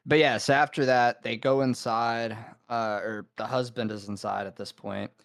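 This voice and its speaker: A man's voice: mid-range voice, fairly even intonation, moderate pace, creaky, a bit bright. A man co-hosting a casual film review podcast, summarizing the plot hesitantly with many ums and uhs. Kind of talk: casual chat.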